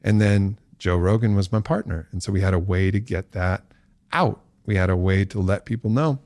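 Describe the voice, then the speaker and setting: A man in his forties, a podcast guest, telling a story in casual talk and acting out quotes with big jumps in pitch. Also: moderate pace, a little mellow, no room sound, clean studio sound.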